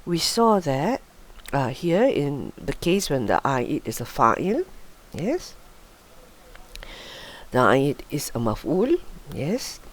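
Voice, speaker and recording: A woman's voice: deep voice, big pitch swings, takes it slowly, pauses often. A woman leads an online grammar class from her computer mic. Her voice rises and falls a lot as she guides the student patiently with short prompts and affirmations. She has a slight cough. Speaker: Arabic grammar teacher.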